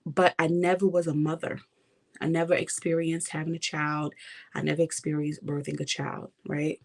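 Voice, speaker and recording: A woman's voice: low-pitched, level tone, moderate pace, vocal fry. A young woman vlogger giving an impassioned personal testimony, talking straight to her viewers. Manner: impassioned, addresses viewers directly.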